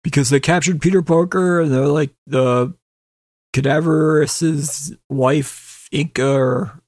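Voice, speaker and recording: A man's voice: a little high, fairly even intonation, slow pace, darkish tone, no room sound, studio quality. A young man co-hosting a casual book review chat, ranting with heavy profanity and exasperation. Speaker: podcast co-host.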